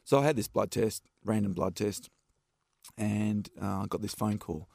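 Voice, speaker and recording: A man's voice: lowish voice, moderate pace, gravelly, a little mellow, dry recording, studio quality. A man with an Australian accent, a stuntman guest telling rambling anecdotes in a casual interview. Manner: laid-back, rambling anecdotes with many fillers.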